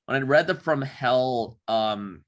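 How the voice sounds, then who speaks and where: A man, a podcast co-host, talking in a casual, halting way, full of restarts and ums. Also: medium pitch. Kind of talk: casual chat.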